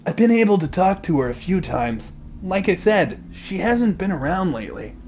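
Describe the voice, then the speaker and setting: A man voicing an earnest young male hero in a game, talking in a raised, bright delivery. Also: high-pitched, big pitch swings, normal speed, slight background noise, voice pushed up.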